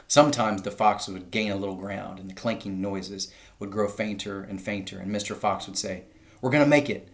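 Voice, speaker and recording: A man's voice: low-pitched, normal speed, few pauses. Man reading a children's book aloud. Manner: lively storytelling, raising voice for shouted lines.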